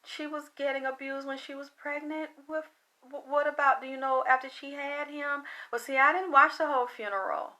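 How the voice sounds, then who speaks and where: A woman's voice: high voice, steady tone, normal speed, pushed and bright. A tired woman talking to her livestream viewers, emotional and rambling, often trailing off into sighs. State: tired from late night. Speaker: psychic reader.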